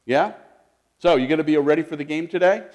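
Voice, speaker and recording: A man leading a children's sermon as pastor in a church, gentle and lively, asking the kids questions with frequent restarts. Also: on the high side, brisk. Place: church sanctuary.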